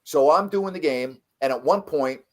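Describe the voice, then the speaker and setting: A middle-aged man, a veteran sports broadcaster, telling stories in a casual chat with lively jumps in his voice for emphasis. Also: on the high side, normal speed. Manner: animated storyteller, voice jumps up for emphasis.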